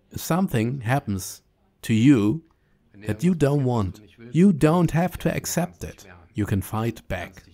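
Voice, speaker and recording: A man's voice: mid-range voice, lively intonation, measured pace, warm tone. Chatty German man vlogging a hike. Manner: chatty, laughs often, blunt asides. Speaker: vlogger walking a pilgrimage trail. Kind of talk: casual spoken travel diary.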